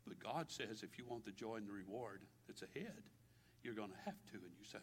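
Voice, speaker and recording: A male pastor preaching a sermon with passion, his delivery swinging from loud declarations to hushed, quiet stretches. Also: fairly low pitch, lively intonation, brisk, slight background noise. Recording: long hall reverb.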